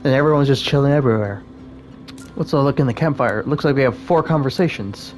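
Guy doing a let's play, chatty and sweary, mid-pitched voice, music low behind him. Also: fast. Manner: swears casually, stumbles and restarts, reads character lines in shifting mock accents. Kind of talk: casual gameplay commentary, reading game dialogue aloud.

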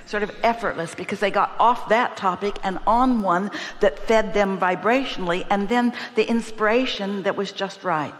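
A woman at mid pitch teaches spiritual ideas to a seminar crowd, speaking as "we" and circling back to her points with emphatic repetition. Her voice carries a long reverb tail from a large hall. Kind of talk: spiritual teaching to a live audience.

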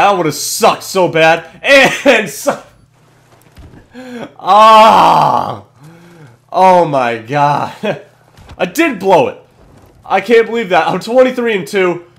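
A young man hosting a gaming channel, giving excitable commentary over his match, swearing and yelling at kills. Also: high voice. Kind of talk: gameplay commentary.

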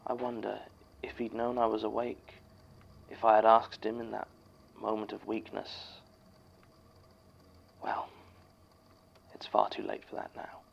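A man playing an archivist who reads a written statement aloud in scripted horror narration, measured and somber. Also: lowish voice, vocal fry, highs cut off, a little hiss or hum.

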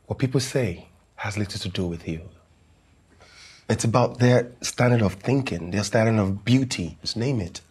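An actor playing a visiting film actor who calmly encourages a young woman, dropping casual slang. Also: lowish voice, moderate pace, breathy edge. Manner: calm, reassuring, casual American-style slang. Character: famous male actor visiting, encouraging mentor. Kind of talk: comedy series acting.

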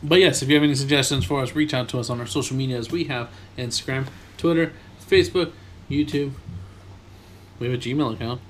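A man's voice: mid-range voice, steady tone, brisk, slight background noise. A man co-hosting a casual snack-tasting podcast, talking in an easygoing, rambling way with lots of fillers. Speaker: podcast co-host. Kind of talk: casual chat.

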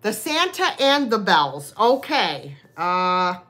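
A woman's voice: mid-range voice, sing-song, slow pace, fairly bright tone. A woman hosting a live online sale, chatting casually with buyers and making rambling, self-deprecating asides. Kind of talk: casual live-stream selling chat.

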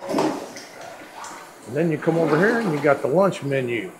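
A man's voice: fairly high pitch, lively intonation, measured pace, noisy background. A man, chatting casually and folksy as he films a food review vlog in a sandwich shop. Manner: folksy, chatty, playful slang. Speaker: food vlogger.

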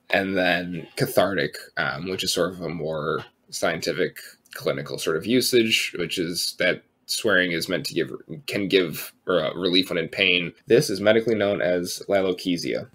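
Low-voiced man rambling on a podcast. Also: husky. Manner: relaxed, rambling, lots of um and sort of, swears freely. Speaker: podcast co-host. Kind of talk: casual podcast chat.

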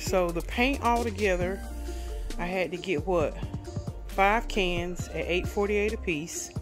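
A woman with a Southern US accent chatting casually to her viewers in a DIY vlog, folksy and quick to get riled up. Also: fairly low pitch. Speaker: DIY vlogger.

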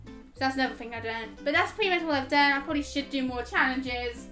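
Talking fast in a high, pushed, bright voice, a woman gaming YouTuber chats casually through viewer questions. She laughs often and fills with ums, and soft music runs underneath.

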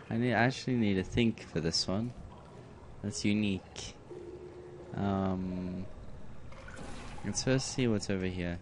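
Over a noisy background, a man with a fairly low voice gives let's play commentary on a game, muttering to himself before erupting in sudden outrage.

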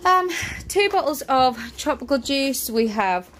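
A woman's voice: sits high, expressive, measured pace, a bit bright, slight background noise. A young woman, pregnant and out of breath, chatting through a family grocery haul and correcting herself as she goes. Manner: chatty, self-correcting, laughs easily. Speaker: family vlogger. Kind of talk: casual grocery haul chat.

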